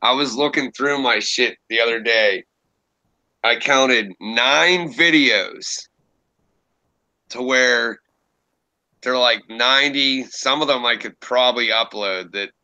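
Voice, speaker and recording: A young man, a streamer and creepypasta narrator, chats casually from a room at home, rambling, swearing and often laughing at himself. His medium-pitched voice is slow and sharp in tone, with long pauses, and the recording is rough.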